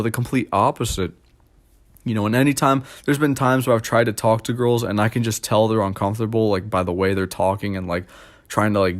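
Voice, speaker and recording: Young adult man, slightly low voice, rambling self-deprecating vlog monologue. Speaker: vlogger. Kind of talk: casual monologue.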